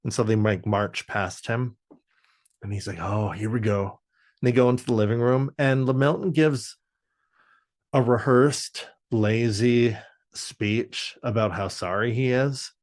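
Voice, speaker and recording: A man's voice: medium pitch, fairly even intonation, unhurried. A man co-hosting a podcast, chatting casually and rambling through an episode recap with lots of fillers. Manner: rambling with many fillers and restarts. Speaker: podcast co-host. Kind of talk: casual show review chat.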